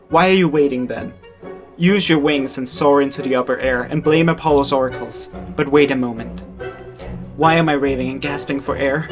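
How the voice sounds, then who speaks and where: A man reading the part of a frantic, raving young male tragic hero, declaiming in a hurried, breathless way. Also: mid-range voice, a bit bright, natural voice.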